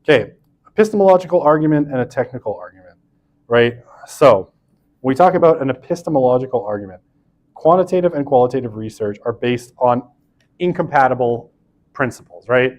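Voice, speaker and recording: A man's voice: mid-range voice, expressive, a little fast, a little mellow, dull audio. Chatty male lecturer, constant "right?". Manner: casual and chatty, tags sentences with "right?"; self-interrupting, with asides and restarts. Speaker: university lecturer. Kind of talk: recorded sociology lecture.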